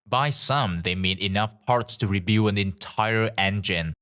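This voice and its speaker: A man reading forum stories aloud in a plain, expressive way. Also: lowish voice, unhurried. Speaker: narrator of online stories.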